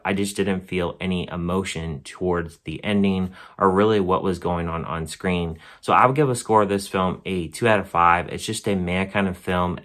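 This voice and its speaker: A man's voice: low-pitched, a bit bright. A man hosting his own channel, giving a casual spoken movie review in a conversational, plain-spoken way, leaning often on words like "really" and "basically".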